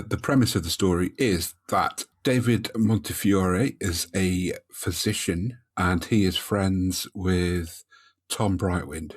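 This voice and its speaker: A very low-pitched man with a husky, breathy edge to his voice. He talks through a story's plot at an even, careful clip as a podcast co-host, easygoing and conversational. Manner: measured, retells plots step by step. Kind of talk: casual book discussion.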